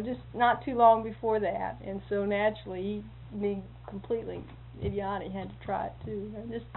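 A woman telling folksy anecdotes in a rambling way, chuckling often. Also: medium pitch. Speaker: storyteller. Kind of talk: folksy oral storytelling. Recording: tinny phone-like lo-fi tape with faint hiss.

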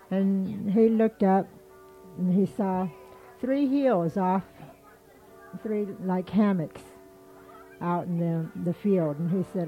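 A woman telling an animal folk tale in a relaxed, rambling storytelling manner. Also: fairly low pitch, unhurried. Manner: relaxed, with frequent fillers and restarts. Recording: tinny phone-like line with faint music.

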